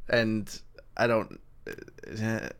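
A man's voice: fairly low pitch, very animated, extremely slow, gravelly, clear, resonant tone. A male podcast co-host in casual comedic chat, joking and thinking aloud.

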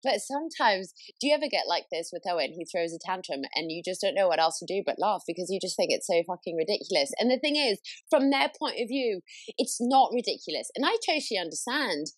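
A woman's voice: mid-range voice, very animated, quick pace, no echo. A woman hosting a podcast, chatting casually and responding supportively to her guest. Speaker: podcast host.

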